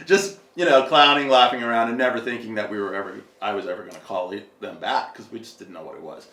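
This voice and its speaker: A man tells a story as a podcast guest in a loose, rambling way, full of fillers and quick laughs. He sits a little back from the microphone, and the room around him rings noticeably. His pitch sits in an ordinary middle range. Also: steady tone, a bit bright, recorded from a distance. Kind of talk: casual storytelling. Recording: roomy, a little off-mic.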